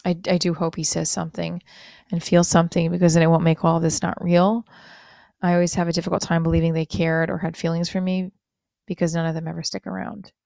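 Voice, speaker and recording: A middle-aged woman hosting a podcast, talking through a confessional monologue in a rambling, halting way, sounding hurt and low. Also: flat delivery, creaky, darkish tone, no room sound, studio quality. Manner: rambling, halting, many fillers and restarts. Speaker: podcast host.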